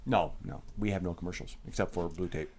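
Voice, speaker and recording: A man's voice: sits low, steady tone, fast, background noise. A man co-hosting a podcast in casual, comedic chat, often stammering and repeating his words. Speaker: podcast co-host.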